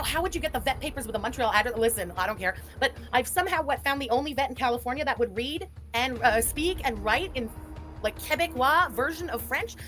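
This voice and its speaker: Woman, rapid chatty delivery, sarcastic, laughs a lot, reaction commentary host. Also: high voice, a bit bright.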